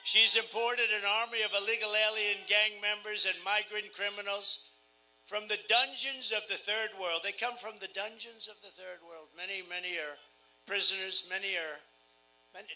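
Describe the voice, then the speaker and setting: An older American man gives a rally speech at a podium microphone, boastful and sarcastic, repeating his lines and dropping from loud bursts to hushed asides. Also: high-pitched, a little hiss or hum, low-quality recording. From United States. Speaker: campaign speaker. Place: outdoor campaign rally.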